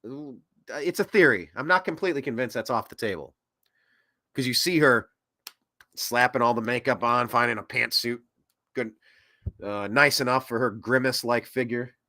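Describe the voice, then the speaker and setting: A man hosting a political commentary show, ranting in an animated way that swings between loud and soft. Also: medium pitch, moderate pace, long pauses, no echo, studio quality. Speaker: host.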